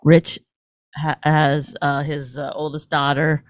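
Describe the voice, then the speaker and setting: A woman's voice: sits low, level tone, slow pace, dry recording, studio quality. A middle-aged woman co-hosting a podcast in casual bickering chat, interrupting and teasing her partner. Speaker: podcast co-host.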